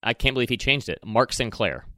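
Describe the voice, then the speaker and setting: A podcast co-host with a Michigan accent talks through his opinions in an easygoing, chatty way. His voice is bright and crisp. It is recorded close and dry, at a middle pitch for a man. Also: animated, fairly quick, dry recording. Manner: opinionated, chatty film talk. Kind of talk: casual chat.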